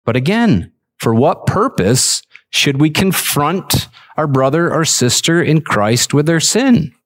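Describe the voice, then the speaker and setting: A man preaching a sermon in a church service, earnest, repeating himself, and turning lively as he makes his points. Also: on the high side, takes it slowly. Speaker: pastor.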